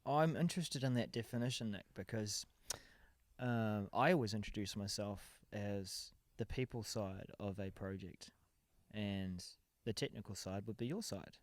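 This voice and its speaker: A man appearing as a guest on a casual tech podcast, speaking in a low voice. He is agreeable and often answers with short affirming replies. The recording is dry and close. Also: measured pace, dry recording. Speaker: guest, collaboration specialist. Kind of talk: casual tech interview chat.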